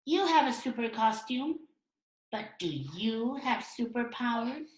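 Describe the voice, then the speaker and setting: A man voicing an excited cartoon food character in a high, squeaky, sing-song voice for a storybook reading. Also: measured pace, roomy sound, heavily acted. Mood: teasing.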